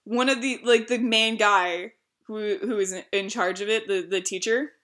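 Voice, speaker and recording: A young woman streamer telling stories in casual chat, animated and laughing, swearing freely. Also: medium pitch, moderate pace.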